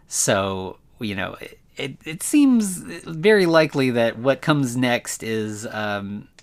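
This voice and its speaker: A man hosting a podcast, recapping a movie casually with lots of fillers and restarts. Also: fairly low pitch. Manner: rambling, many fillers. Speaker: podcast host.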